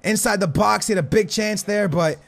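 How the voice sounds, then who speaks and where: American gamer guy, high gravelly voice, swings from loud hype to low mutter. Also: a little fast. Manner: hyped, shouting at goals, then quiet and muttering. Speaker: gaming YouTuber. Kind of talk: excited gameplay commentary.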